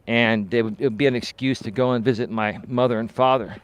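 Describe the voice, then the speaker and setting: A life coach telling a personal story live while walking outdoors, candid and animated, growing loud and heated. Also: male voice, mid-range voice, fast talker, smooth.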